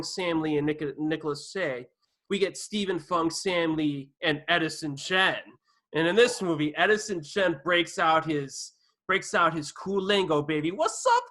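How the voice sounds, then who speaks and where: Bright-voiced man hosting a movie chat. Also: fairly high pitch. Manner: enthusiastic, joking, quick asides. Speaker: podcast host. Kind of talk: casual movie discussion.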